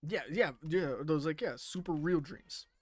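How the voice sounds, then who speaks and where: A man's voice: a little high, unhurried, no room sound. A man streaming a game and chatting casually, rambling with lots of fillers and casual swearing. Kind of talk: casual chat while playing a game.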